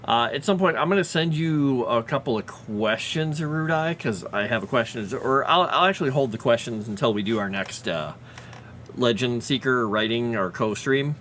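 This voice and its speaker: He speaks at a moderate pace in a medium-pitched, fairly bright tone, chatting easily on stream and talking lovingly to his pet and his viewers. The speaker is a livestreamer and fantasy lore writer, recorded with slight background noise.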